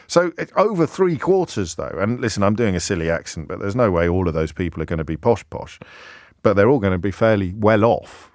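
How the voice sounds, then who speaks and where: A man hosting a live radio phone-in, animated and wry, often restarting his sentences. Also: fairly low pitch, brisk, dry recording, studio quality. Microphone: studio microphone.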